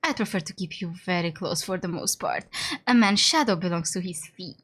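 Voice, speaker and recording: A woman's voice: on the low side, brisk, a bit bright, pitched below the performer's own voice. Woman doing a suave teasing merchant man. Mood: flirtatious.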